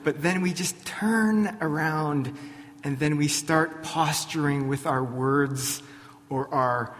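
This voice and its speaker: A man pastor preaching a sermon in a church, deliberate, posing rhetorical questions to his congregation. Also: medium pitch, fairly bright tone, big-room sound.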